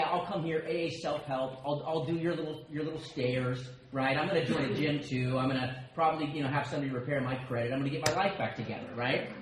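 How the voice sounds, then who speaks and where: American man, somewhat high voice, personal recovery share, animated storytelling, self-mocking, very echoey hall, faint background hum. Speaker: speaker at a recovery meeting. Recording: very echoey room with faint ambience.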